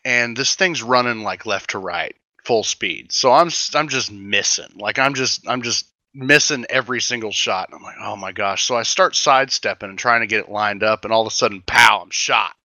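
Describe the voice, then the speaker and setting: A man with a bright, forward voice tells a game story, recorded close and dry. He acts out the other characters as he goes, and his pitch jumps up for the funny moments. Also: moderate pace, hardly any pauses, no echo. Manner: animated retelling, acting out others' lines. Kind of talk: casual storytelling about a roleplay game.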